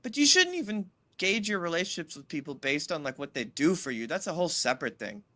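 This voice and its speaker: A woman co-hosting a podcast, chatting casually in an animated way, swearing and cutting in often. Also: lowish voice. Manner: animated, swearing, quick interruptions. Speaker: podcast co-host. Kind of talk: casual chat.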